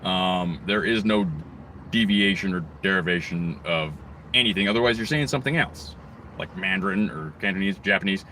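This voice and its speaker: Low-voiced man on a profane rant. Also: moderate pace, sharp tone, a little hiss or hum. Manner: angry, crude, rambling, swears constantly. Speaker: vlogger. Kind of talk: profane ranting monologue.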